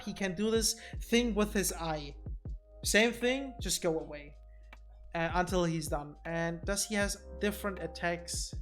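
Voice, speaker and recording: A streamer giving casual gameplay commentary on a desk mic, thinking aloud and often repeating words while explaining boss fights. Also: medium pitch.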